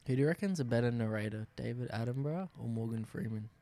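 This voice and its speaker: A man co-hosting a podcast in casual chat, relaxed and patient as he explains things. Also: mid-range voice, quick pace, hardly any pauses. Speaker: podcast co-host.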